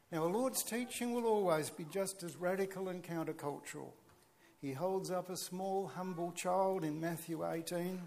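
A man's voice: sits high, a little mellow, slight background noise. A man preaching a sermon, earnest and emphatic, with chatty asides to the congregation.

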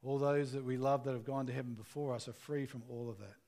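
A man's voice: medium pitch, fairly even intonation, fast, mellow. A man preaching a sermon in an earnest, conversational way, asking the listeners questions as he retells a scripture story.

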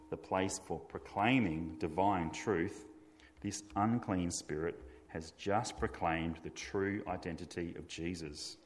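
Male preacher, deep register, deliberate and emphatic, echoing sanctuary. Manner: measured, emphatic preaching delivery. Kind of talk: sermon.

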